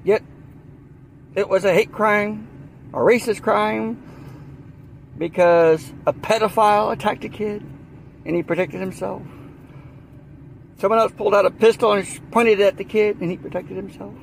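A man's voice: sits high, fairly even intonation, unhurried, vocal fry, long pauses, a little hiss or hum. A man with a Southern US accent in a heated, rambling monologue, repeating himself and leaning on fillers. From Southern United States. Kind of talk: ranting monologue.

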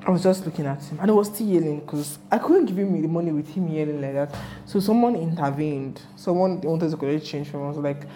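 Low-voiced, chatty Nigerian woman. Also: brisk. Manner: chatty, animated, rambling asides. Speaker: travel vlogger. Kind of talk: casual storytelling vlog.

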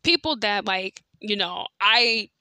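A woman's voice: mid-range voice, lively intonation, slow, pushed and bright, clean tone, dry recording. A young adult woman hosting a podcast, telling a story in a heated, profane, casual way that is full of "like" fillers. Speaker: podcast host.

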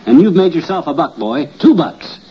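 A jittery, blustering husband. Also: male voice, fairly high pitch, big pitch swings, moderate pace. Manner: blustering, nervous, exclaims. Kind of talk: 1950s radio comedy acting. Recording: muffled old radio broadcast with hiss.

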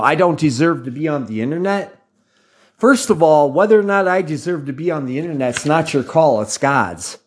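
A U.S. man with a rather high-pitched voice hosts a channel and addresses the camera informally. His delivery meanders, prone to tangents, frequent restarts and fillers.

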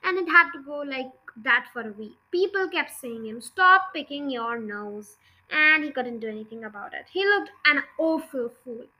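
A woman voicing a clever little girl in a storybook reading, calm and innocently teasing. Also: high-pitched, normal speed, exaggerated voice, rough recording. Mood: sly.

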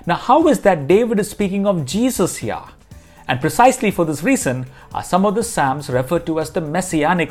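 A man's voice: fairly high pitch, a little mellow. A man giving a devotional Bible teaching as a pastor, speaking earnestly and reading scripture passages aloud.

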